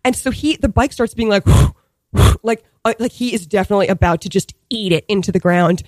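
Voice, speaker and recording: A woman in her thirties telling a story in casual chat, animated, packed with fillers, laughing often. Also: medium pitch, fairly quick, no room sound.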